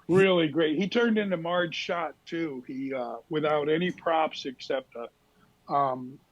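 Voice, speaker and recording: An older man telling lively anecdotes as a talk show guest, dropping into quick impressions of other people. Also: fairly high pitch, dull audio. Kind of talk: casual storytelling interview.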